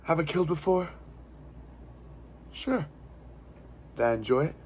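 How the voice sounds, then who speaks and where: A man in a comedic audition tape with a mock-menacing deadpan delivery. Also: on the high side, measured pace, slight background noise.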